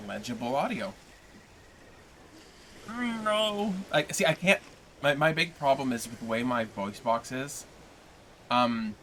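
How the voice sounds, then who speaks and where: Playful guy streaming from home, bright voice, jokes around with chat. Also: mid-range voice, slight background noise. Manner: playful, joking, chatty with viewers. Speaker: livestream host and reader. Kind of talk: casual livestream chat.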